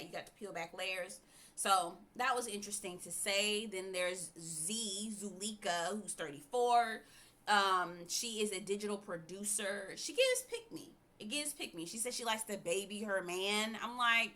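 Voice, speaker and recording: A woman hosting a casual reality TV review, sassy and animated, often talking straight to her viewers. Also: medium pitch. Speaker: TV review host. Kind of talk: casual TV recap commentary.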